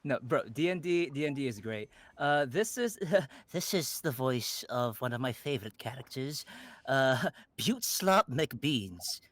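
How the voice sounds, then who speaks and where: A man's voice: mid-range voice, a little slow, no room sound. A man guesting as a voice actor in casual online chat, laughing and mocking himself.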